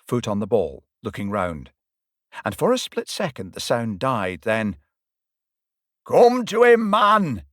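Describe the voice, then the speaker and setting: A man narrating a first-person audiobook with animated, dramatic storytelling that rises and falls with the action. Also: dry recording, studio quality. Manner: animated, swings pitch and loudness with the action.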